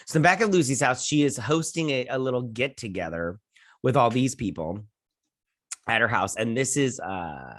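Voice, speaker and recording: A man hosting a casual episode recap, rambling along and acting out characters' lines in quick quoted bits, swearing now and then. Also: mid-range voice, animated, a bit bright, no echo, clean studio sound. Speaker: host.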